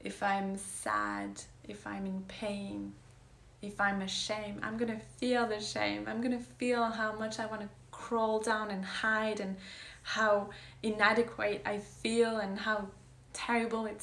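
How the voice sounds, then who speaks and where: A woman's voice: mid-range voice, fairly even intonation, unhurried, a bit bright. Woman coach talking from the heart, earnest, dips into whispers, bit of room echo. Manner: earnest, emphatic, drops to whispers. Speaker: wellness coach. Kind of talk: casual heartfelt monologue.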